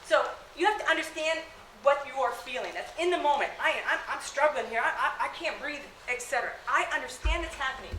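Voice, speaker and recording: Bright-voiced woman in an echoey classroom. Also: sits high, a little fast, a little hiss or hum. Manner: casual, repeats "okay?", laughs often. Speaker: athletic trainer at a high school. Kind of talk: classroom talk to students. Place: school room. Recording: echoey room.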